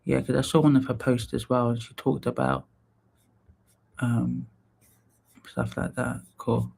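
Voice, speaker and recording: Reviewing profiles on a casual live stream, this host chats candidly and addresses viewers by name. His medium-pitched voice is sing-song, unhurried, darkish and husky with vocal fry. Now and then he slips into bits of song or playful asides.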